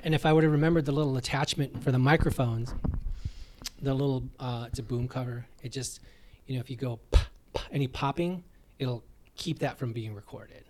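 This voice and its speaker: A male podcast host who coaches running interviews a guest in a relaxed way. His pitch is ordinary, and he rambles with a lot of fillers and jokes. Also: a little fast, a little hiss or hum. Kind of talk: casual interview chat.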